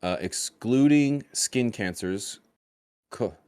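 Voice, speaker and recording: A man's voice: mid-range voice, expressive, slow pace, darkish tone, clean tone, no room sound, studio quality. A man co-hosting a casual podcast, talking loosely and stumbling and repeating words as he reads and chats. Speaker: podcast co-host. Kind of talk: casual chat.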